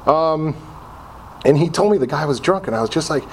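A middle-aged man from Connecticut tells his story to a group, mocking himself as he replays his past reactions. His pitch swings widely, and a faint hum sits in the background. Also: sing-song, fairly quick. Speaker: speaker sharing his recovery story. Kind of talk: personal recovery talk to a group.

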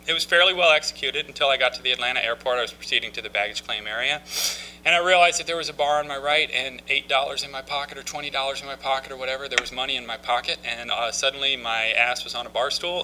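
A man telling his own recovery story to a group, halting with many restarts and dry, self-mocking humor. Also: medium pitch, bright, forceful tone, a little hiss or hum, poor audio. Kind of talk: personal testimony talk.

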